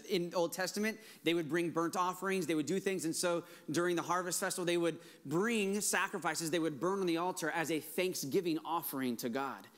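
A man's voice: sits high, a bit bright. A man in his forties, a pastor preaching a conversational, enthusiastic sermon with frequent restarts.

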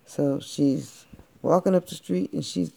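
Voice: mid-range voice, a little slow, gravelly, warm tone, slight background noise. A parent improvising a playful, slangy bedtime story for a child, doing the voices.

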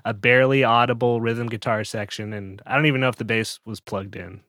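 A man's voice: medium pitch, fairly even intonation, fairly quick, fairly bright tone, no room sound. A man co-hosting a podcast, giving laid-back, dry commentary in casual chat. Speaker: podcast co-host.

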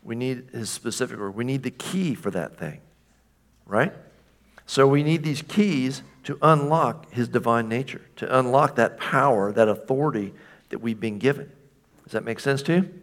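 A man's voice: medium pitch, moderate pace. Man preaching a casual conversational sermon. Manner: conversational, checks in with "right?"; mimics a taunting voice for quoted questions. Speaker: pastor.

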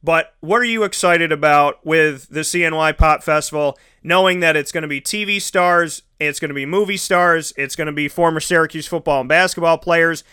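A man's voice: on the high side, normal speed, few pauses, sharp tone, clear, resonant tone. A man hosting a casual interview, talking enthusiastically and rambling with restarts. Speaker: host.

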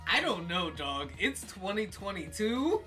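A man's voice: sits high, sing-song, a little slow, sharp tone. Joking man cohost over music. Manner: joking, argumentative. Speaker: podcast co-host. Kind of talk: casual banter.

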